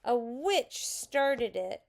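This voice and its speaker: A woman's voice: a little high, big pitch swings, drawn-out words, vocal fry, voice pushed up, exaggerated voice. A woman voicing a prim little girl with curls who whines and complains while being teased, read aloud from a storybook. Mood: whining. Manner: whiny, pleading.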